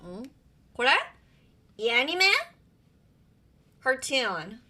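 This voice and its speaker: A chatty woman streaming live with a Japanese accent, her voice sitting a little high and sounding crisp and bright. She hops back and forth between Japanese and English in a loose, casual way. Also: expressive, takes it slowly.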